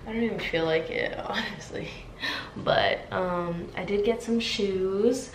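A young woman vlogging from her home in a chatty, sassy way, putting on a British accent. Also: medium pitch. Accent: put-on British. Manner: chatty, sassy, slow and drawn out. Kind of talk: casual vlog chat. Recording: roomy echo, faint room noise.

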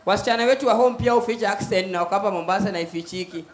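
A man with a Kenyan accent performing a loud stand-up comedy set on a live stage, mixing Swahili and English and acting out voices. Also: high voice, rapid-fire. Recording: echoey live venue with faint ambience.

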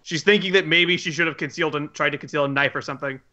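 A man with a high, bright voice talks through his character's moves in a rambling, casual way, full of restarts and asides. The audio sounds a little muffled and dull. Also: rapid-fire. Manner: rambling, describes his character in third person. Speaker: player. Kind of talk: casual tabletop game chat.

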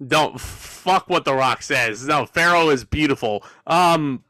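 A man's voice: a little high, takes it slowly, bright, forceful tone. A man co-hosting a podcast in casual chat, talking emphatically and laughing often. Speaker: podcast co-host.

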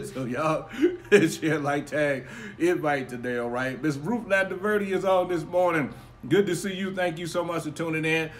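Upbeat pastor, man, live stream. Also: mid-range voice. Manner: upbeat shout-outs to viewers, then quieter storytelling. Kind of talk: casual live-stream sermon. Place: home backyard.

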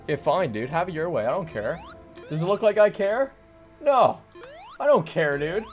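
A man's voice: on the high side, animated, moderate pace. Hyper, rambling young gamer guy. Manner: hyper, rambling, jokey, with sudden loud outbursts. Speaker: gaming commentator. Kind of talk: let's play commentary. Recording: faint game music behind.

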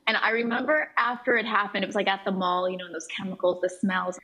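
A woman on a late-night talk show tells funny stories about herself in a lively, self-deprecating way. Her voice sits at an ordinary pitch for a woman. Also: fast talker, low-quality recording. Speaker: actress, talk show guest. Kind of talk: casual interview storytelling. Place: television studio.

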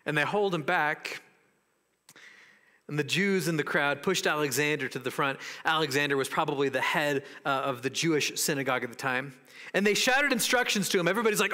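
A man preaching a sermon as pastor, animated and acting out the voices of people in the story. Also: high voice, fairly quick, big-room sound.

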